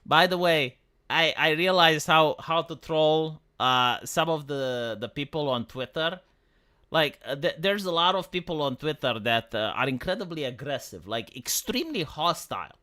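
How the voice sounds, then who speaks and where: A man's voice: a little high, animated, normal speed, pushed and bright. A man talking on a livestream in a rambling, profane, mocking rant.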